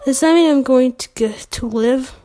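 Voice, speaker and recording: A woman doing a squeaky, stammering fanfic heroine. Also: moderate pace, warm tone, natural voice. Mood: timid. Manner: squeaky, stammering, exaggerated pleading. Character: breathless young woman lover in a fanfic.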